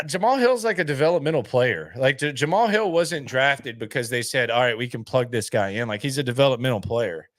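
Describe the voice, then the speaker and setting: A man hosts a sports channel in a casual, unscripted talk, answering viewers with blunt skepticism. His voice sits at an ordinary middle pitch, and he keeps restarting his sentences. The recording is dry, with no room echo. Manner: blunt, skeptical, repeats himself, frequent restarts.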